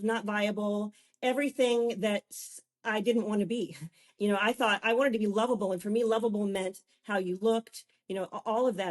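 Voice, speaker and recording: A grandmother in her fifties tells her story as a talk-show guest, gushing and emotional. She stumbles and restarts her sentences, and her voice sits at an ordinary middle pitch. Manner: effusive, restarts often, gets emotional. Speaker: guest, beauty and wellness coach. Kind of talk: candid personal storytelling.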